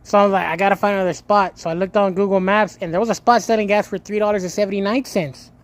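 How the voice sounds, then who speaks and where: A young man livestreaming and chatting casually to his viewers. He tells stories in a lively way, swears and then corrects himself, and thanks a donor with a lot of emotion. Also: high voice, fast talker. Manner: animated storytelling, swears and self-corrects, emotional gratitude.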